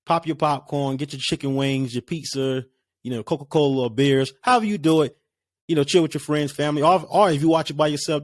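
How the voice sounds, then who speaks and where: Rambling sports podcaster. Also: male voice, a little high, dry recording, clean studio sound. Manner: rambling, conversational, many fillers. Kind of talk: casual solo sports talk.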